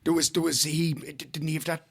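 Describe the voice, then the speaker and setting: A man's voice: a little high, little pitch movement, brisk, gravelly. An Irish man co-hosting a podcast, chatting casually and telling stories with energy. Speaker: podcast co-host. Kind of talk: casual chat.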